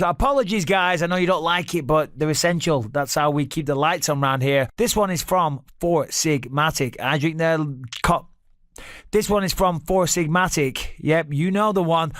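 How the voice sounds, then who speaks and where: English man, podcast co-host, casual sweary storytelling, bright-ish higher voice, dry. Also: no room sound. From England. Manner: swears freely, animated storytelling.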